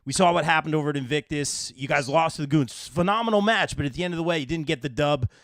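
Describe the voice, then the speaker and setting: A man's voice: a little high, fast, no room sound, studio quality. A man hosting a live podcast interview, hyping his guests and reading out chat comments. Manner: excited, hypes guests, reads chat. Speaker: podcast host.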